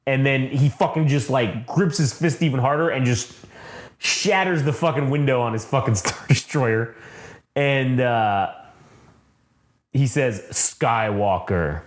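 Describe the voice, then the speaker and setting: A man excitedly recaps a comic on a casual review chat, swearing at every turn. He speaks at an ordinary pitch, and the room gives his voice a roomy echo. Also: measured pace. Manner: excited, swears constantly, acts out quotes in deep voices. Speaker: comic book podcast co-host.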